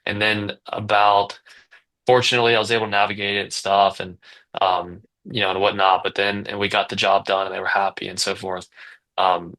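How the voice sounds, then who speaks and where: A man in his twenties talks in a lower register with a bright, forceful edge. He rambles through a story in a casual podcast chat and keeps circling back with fillers and restarts. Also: little pitch movement, brisk, rough recording. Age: 20s. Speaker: guest, business owner.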